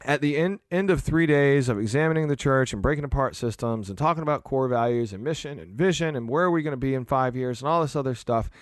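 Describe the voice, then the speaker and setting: A man's voice: medium pitch, fast, few pauses, no room sound, clean studio sound. A man hosting a podcast, talking earnestly in a casual, rambling way with fillers and restarts. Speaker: podcast host, church leader.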